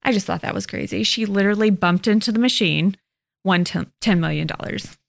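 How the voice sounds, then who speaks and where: A woman's voice: mid-range voice, vocal fry. A woman co-hosting a podcast in a casual chat, upbeat and full of playful banter. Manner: upbeat, quick reactions, playful "girl" banter. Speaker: podcast co-host.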